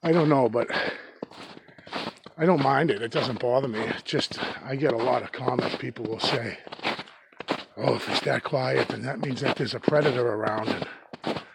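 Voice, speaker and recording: A chatty man with a thick Boston accent rambles and jokes as he hikes through a snowy forest, a little out of breath. His voice has a gravelly edge at an ordinary pitch. The outdoor recording carries clear rustling and wind noise behind him. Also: moderate pace, pauses often. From New England. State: slightly winded from hiking. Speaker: hiking vlogger. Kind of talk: casual walk-and-talk vlog.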